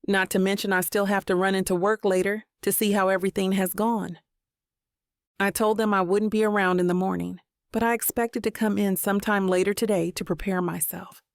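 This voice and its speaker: A woman narrating a first-person romance audiobook in a measured, even way. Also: mid-range voice, no echo, studio quality.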